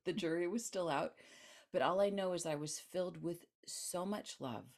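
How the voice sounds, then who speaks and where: A woman guest author in an interview, telling a personal story in an animated way, laughing and acting out the voices of others. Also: on the low side, moderate pace.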